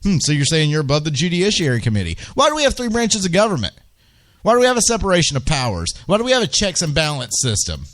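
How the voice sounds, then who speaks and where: A man's voice: fairly high pitch, huge pitch swings, fast talker, fairly bright tone. A man hosting a political talk radio show, ranting with indignation and firing off rhetorical questions.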